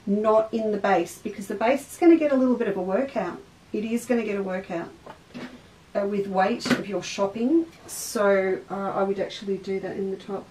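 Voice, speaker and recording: A woman's voice: medium pitch, darkish tone, distant mic. Chatty Australian woman hosting a sewing class. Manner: chatty, rambling, talks to viewers by name. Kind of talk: casual livestream craft class. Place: indoor craft studio. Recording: echoey room, voice off-mic.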